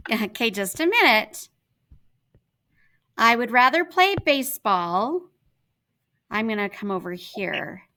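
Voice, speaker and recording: A woman's voice: a little high, animated, takes it slowly, pauses often, bright, forceful tone, slight background noise, rough recording. A woman teacher giving a patient online writing lesson to children from home, spelling out letters and steps aloud into a laptop mic. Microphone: laptop computer mic.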